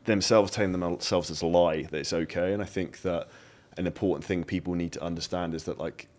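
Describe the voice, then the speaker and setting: Fast-talking blunt man, very low voice. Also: steady tone, a little mellow. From Dubai. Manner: blunt, outspoken, swears freely. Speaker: podcast host. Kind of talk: casual interview chat.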